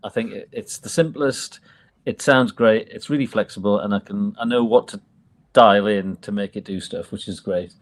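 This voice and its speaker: A man's voice: lowish voice, moderate pace. A man chatting casually as an interview guest, rambling and laughing between stories. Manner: laid-back, rambling with frequent laughs. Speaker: interview guest, music producer. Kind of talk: casual chat.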